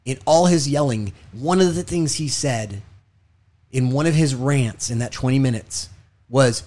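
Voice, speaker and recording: Man, former negotiator, motivational talk, emphatic, repeats points, mid-pitched voice. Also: measured pace, mellow. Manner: emphatic and repetitive, with rising intensity in stories.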